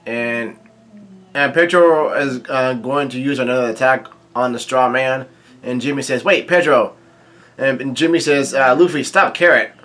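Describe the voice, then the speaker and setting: Bright-voiced man recapping haltingly. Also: mid-range voice, fairly even intonation. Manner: halting, frequent fillers and restarts, quick asides. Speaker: manga reaction host. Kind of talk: casual chapter recap, reading out dialogue.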